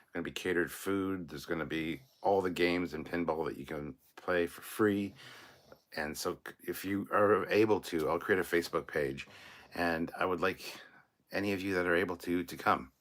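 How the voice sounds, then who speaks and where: A man's voice: low-pitched, fairly bright tone. A man in his forties hosting a live stream, chatting casually and joking as he reads viewer comments aloud. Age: 40s.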